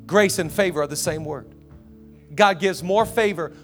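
A man's voice: high voice, moderate pace, faint music behind. A male pastor preaching a sermon, urging his congregation on with passion.

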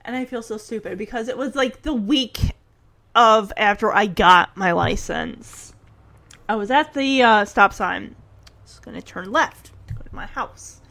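A woman commenting casually on a TV episode, telling the story in an animated way and acting out the characters. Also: fairly high pitch. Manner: chatty, with many fillers and restarts. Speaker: reaction video host.

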